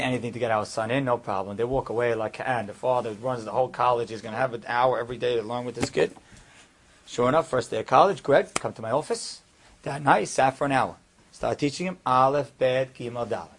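A man telling a story aloud, acting out the voices of the people in it and rising high and loud at the dramatic moments. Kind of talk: animated story with acted dialogue.

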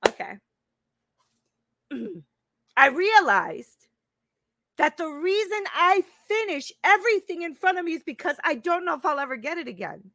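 Fifty-something woman coaching on a live stream, high bright voice, keeps repeating herself and going "right?". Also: big pitch swings, normal speed. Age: 50s. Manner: emphatic, repeats phrases, keeps asking "right?". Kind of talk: casual motivational live-stream talk.

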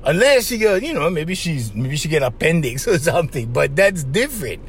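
Man, podcast host, high lively voice, laughs a lot, faint background noise. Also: fairly quick. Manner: animated, laughs often, acts out little voices. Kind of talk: casual monologue giving dating advice.

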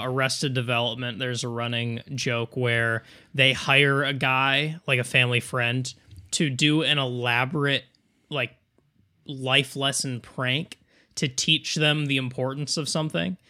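Man, slow talker, smooth clear voice, bright tone, casual comedic chat, lays out joke ideas. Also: medium pitch, fairly even intonation. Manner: slow, measured, building elaborate joke premises.

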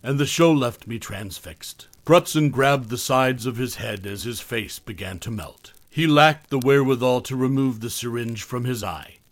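A man reading a horror story aloud as a podcast narrator, measured, sinking soft and low at tense moments. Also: dry recording. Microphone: close studio mic, dry.

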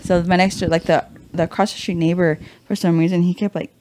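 A woman's voice: on the low side, brisk, dry recording. A young woman, a podcast guest, telling a story in casual chat, acting out quotes with swearing and slang. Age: young adult. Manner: animated, acts out quotes, swears freely, slangy.

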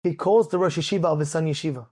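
A rabbi tells an inspirational story during a sermon, animated and dramatic, acting out each character and breaking into shouts at the high points. His voice is a little high, husky, and racing.

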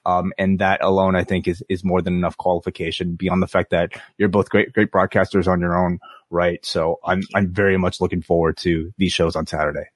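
A man's voice: low voice, level tone, fairly quick, no room sound. A man co-hosting a podcast, speaking hesitantly with many fillers. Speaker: podcast co-host. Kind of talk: casual podcast chat.

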